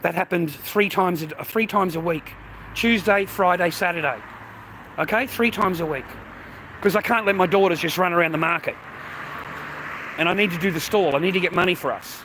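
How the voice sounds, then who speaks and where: A man's voice: high voice, normal speed. A middle-aged Australian man ranting casually to the camera, agitated and profane, repeating himself and calling the listener mate. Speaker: vlogger. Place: outdoors by a road. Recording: outdoor street noise, traffic.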